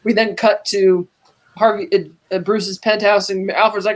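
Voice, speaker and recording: A woman's voice: mid-range voice, fairly even intonation, moderate pace. Woman casually recapping a movie. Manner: retells scenes quoting lines with "he's like". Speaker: podcast co-host.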